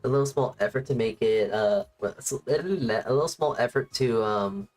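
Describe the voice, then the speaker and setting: A woman's voice: a bass voice, fairly quick, a little mellow. A woman streamer chatting casually, rambling and often restarting her sentences, with faint music playing behind her. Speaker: VTuber streamer. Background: faint background music.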